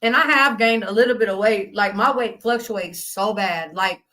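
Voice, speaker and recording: A woman hosting a livestream, chatting casually with her viewers in a rambling, laughing way, her voice still a little rough from being sick. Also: medium pitch, normal speed, sharp tone, poor audio. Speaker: livestream host.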